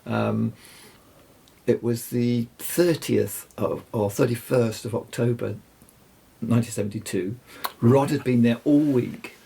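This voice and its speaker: An older man, telling rambling fishing stories as a guest, halting and restarting often. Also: mid-range voice, mellow, a little hiss or hum. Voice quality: gravelly, husky. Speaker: guest angler. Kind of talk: anecdotal storytelling.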